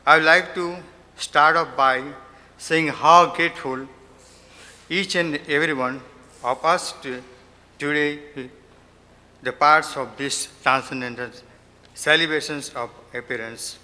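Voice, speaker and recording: Man reading a devotional offering aloud, very bright tone, long hall reverb. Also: a little high, steady tone. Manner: rapid chanted recitation, then measured reading.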